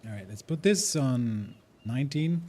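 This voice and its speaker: Living in India and a native German speaker, this man plays a game live while talking with his stream audience. He rambles and thinks aloud, his mellow mid-range voice animated but measured in pace.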